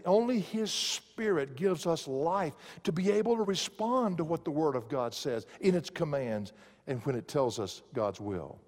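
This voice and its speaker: A male pastor preaching a sermon, swinging from loud emphatic lines to hushed quiet ones. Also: on the high side, lively intonation, measured pace, big-room sound.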